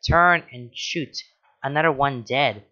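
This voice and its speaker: A man reads a story aloud, now and then stopping for casual, halting asides. His voice sits in a middle register. The recording is dull and lo-fi. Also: mid-range voice, pushed and bright. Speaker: fan fiction reader.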